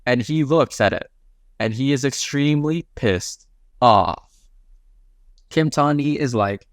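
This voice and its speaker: A man's voice: a little high, a little slow, no echo, studio quality. A man narrating a comic recap in a casual, slangy way, retelling each panel in plain speech.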